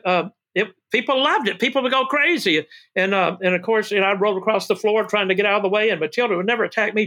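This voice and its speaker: An older man, a guest telling wrestling stories in an excitable, animated way. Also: high voice. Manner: excitable, shouts "woo", calls people baby and brother. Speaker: guest, former wrestling manager. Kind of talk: animated storytelling interview.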